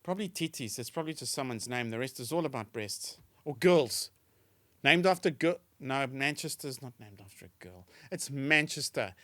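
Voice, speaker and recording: Giggly South African podcast co-host. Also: male voice, medium pitch, lively intonation, normal speed, bright, forceful tone, no echo. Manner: giggly, rambling storyteller. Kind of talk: casual comedy chat.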